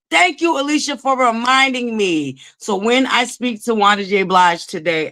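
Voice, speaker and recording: A woman's voice: low voice, a bit bright. A woman hosting a casual livestream from home, chatting and greeting viewers by name. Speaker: livestream host.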